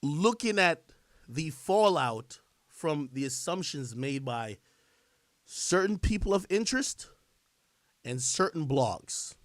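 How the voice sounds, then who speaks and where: Man, livestream monologue, high lively voice, repetitive and insistent, dry close sound. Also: no room sound. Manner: repetitive, insistent, drawn-out phrasing. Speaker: streamer in clip.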